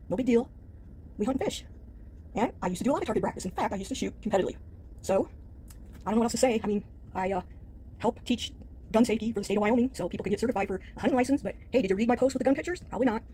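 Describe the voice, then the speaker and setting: A woman's voice: medium pitch, warm tone, a little hiss or hum. A woman vlogger in a casual video, dismissive and defiant, laughing off the complaints against her. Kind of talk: casual vlog rant.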